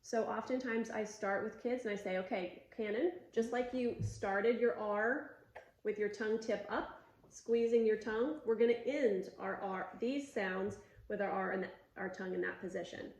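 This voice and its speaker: A woman's voice: medium pitch, darkish tone. Patient woman coaching speech sounds. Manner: patient, slow, drawn-out sound demonstrations; gives short coaching cues and praise. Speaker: speech teacher. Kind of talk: instructional demonstration. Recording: roomy echo.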